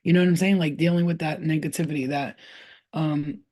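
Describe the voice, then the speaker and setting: A woman giving a casual spiritual reading to her viewers, animated and excitable, swearing freely and repeating herself as she talks. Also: low voice, fairly quick. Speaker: spiritual reader.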